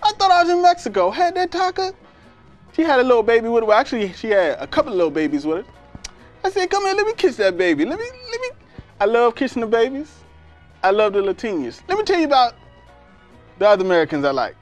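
A man's voice: very high-pitched, wildly swooping pitch, fast, faint music behind, exaggerated voice. A male comedian playing a pompous, scheming presidential candidate who brags in over-the-top campaign speechifying. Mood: rousing. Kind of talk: stand-up comedy sketch.

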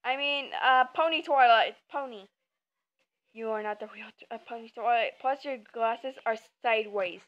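A woman's voice: on the high side, normal speed. A woman giving casual, rambling commentary while playing a game, stumbling over her words with lots of ums. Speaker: gamer. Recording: muffled lo-fi, faint game music.

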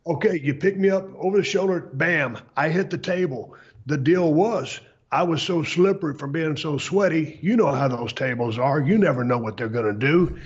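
Man, middle-aged, podcast host, husky voice, somewhat high pitch, relaxed plainspoken manner. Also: lo-fi sound. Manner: relaxed, plainspoken, drawn-out explanations. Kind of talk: casual storytelling chat.

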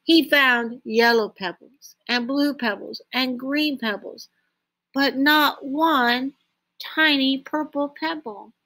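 Woman storybook reader, unhurried and expressive, a bit high-pitched. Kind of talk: reading a picture book aloud.

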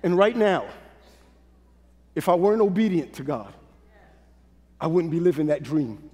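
A man from Brooklyn, a pastor preaching a sermon in call-and-response style, dropping to a hush and rising to shouts. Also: a little high, big pitch swings, unhurried. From Brooklyn, New York. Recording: long hall reverb.

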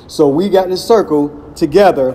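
A middle-aged man from Ohio telling casual stories as a podcast host, animated and acting out quotes. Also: a little high, normal speed. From Cincinnati, Ohio. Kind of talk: casual storytelling. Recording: long reverb, faint background noise.

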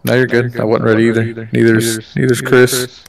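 A man's voice: mid-range voice, completely flat delivery, normal speed, creaky, poor audio. A man chatting in a laid-back way with friends during a multiplayer game. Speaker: player. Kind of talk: casual gaming chat.

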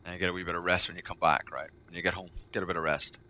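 A man's voice: low-pitched, flat delivery, rapid-fire, bright, forceful tone. A man streaming a game live, chatting casually with his viewers in a rambling way that repeats itself.

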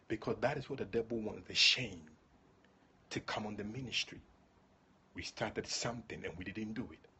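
A man's voice: on the low side, bright, forceful tone, a little hiss or hum. A man preaching at a livestreamed prayer meeting, fervent, calling on listeners by name and repeating his points. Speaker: prophet and prayer leader.

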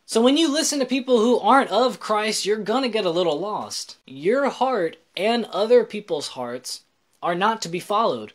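A man's voice: high voice, animated, normal speed. Joking, chatty man vlogging about faith. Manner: joking, chatty, self-deprecating asides; explains scripture in plain words. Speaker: Christian vlogger. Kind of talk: casual faith vlog talk.

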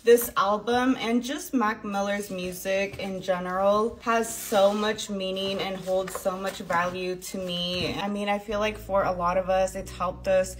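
A woman's voice: mid-range voice, steady tone, a little slow, few pauses, a little hiss or hum, rough recording. A woman in a casual unboxing vlog, talking straight to her viewers in a gushing, emotional way. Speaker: vlogger.

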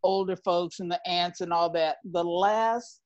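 A woman's voice: on the low side, steady tone, unhurried, darkish tone, dry recording, muffled recording. A woman in her sixties, speaking on a discussion panel and telling a personal story candidly and with feeling. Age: 60s.

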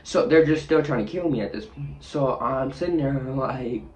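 A man's voice: medium pitch, moderate pace, a little mellow. A man vlogging a dramatic story from his bathroom, acting out scenes with sound effects and voices. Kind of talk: animated storytelling. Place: bathroom, sitting on the toilet.

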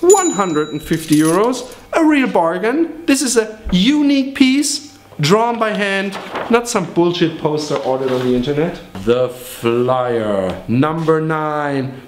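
A man pitching his own paintings in a joking, exaggerated, profane way, in an echoey room. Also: a little hiss or hum.

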